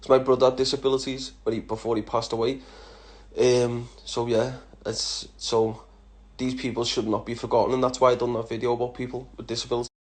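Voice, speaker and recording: Liverpool man in his thirties, mid-pitched voice, blunt and sweary, quick to laugh, casual Q&A vlogger. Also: flat delivery. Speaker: vlogger answering follower questions. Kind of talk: casual Q&A chat.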